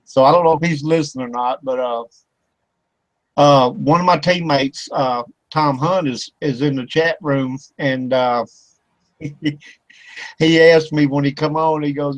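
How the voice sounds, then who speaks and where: A man's voice: on the high side, fairly even intonation, a little slow, dry recording, poor audio. Laughing man hosting radio. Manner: rambling, laughing storyteller with many fillers. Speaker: radio show host. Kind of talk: casual chat. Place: home studio for internet radio.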